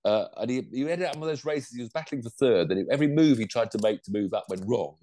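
An older man, co-hosting a motorsport roundup in animated, rambling casual chat. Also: mid-range voice, fast, no room sound. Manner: animated, rambling, lots of restarts and laughs. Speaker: co-host of a motorsport show.

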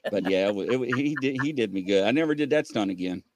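A middle-aged man hosting a talk show, telling an anecdote in a casual, animated way and laughing as he goes. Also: mid-range voice, fast talker, no echo. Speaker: show host. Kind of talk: casual storytelling.

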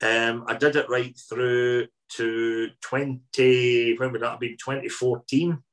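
A Scottish man with a voice in the middle of the usual pitch range spins casual anecdotes as an interview guest. He is lively and repeats words for emphasis. He sounds like a man in his fifties chatting freely. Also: takes it slowly, low-quality recording. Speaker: interview guest, food columnist.

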